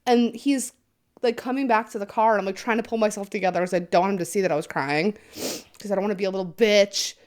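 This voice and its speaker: Animated young woman telling a story. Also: mid-range voice, quick pace. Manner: animated, swears often, acts out quoted voices. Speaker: podcast co-host. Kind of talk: casual storytelling chat.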